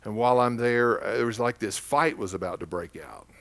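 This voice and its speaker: A man's voice: medium pitch, a little fast, creaky. A man with an Oklahoma accent preaching a sermon as pastor, telling stories in a folksy, conversational way.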